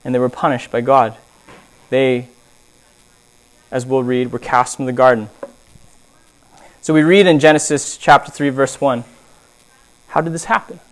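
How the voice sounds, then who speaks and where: A man preaching a sermon, telling stories in an animated way and swinging between loud emphasis and hushed asides. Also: medium pitch, measured pace, long pauses.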